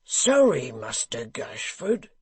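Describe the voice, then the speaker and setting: A man voicing a coarse, gruff ruffian who growls his lines. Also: mid-range voice, wildly swooping pitch, takes it slowly, a crowd in the background. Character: coarse, gruff male accomplice, thirsty ruffian.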